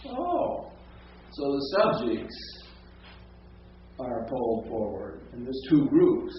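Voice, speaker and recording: A man's voice: mid-range voice, huge pitch swings, takes it slowly. A man teaching a seminary class, explaining grammar in a lecture and often checking in with his students. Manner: explanatory, checks in with frequent "right?" and "okay?". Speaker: seminary professor. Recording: distant, echoey, muffled classroom recording with faint hiss.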